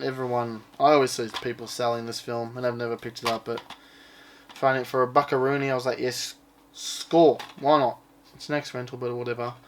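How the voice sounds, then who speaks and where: A man's voice: mid-range voice, fairly bright tone, slight background noise. Rambling, offhand man. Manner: rambling, offhand, swears casually. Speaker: collector showing his purchases. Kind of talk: casual unboxing chat.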